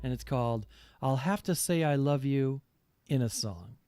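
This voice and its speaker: A man's voice: mid-range voice, expressive, moderate pace, mellow, clean tone, dry recording. A man hosting a live music stream, chatting casually and laughing as he tells stories behind songs. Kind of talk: casual livestream chat and storytelling.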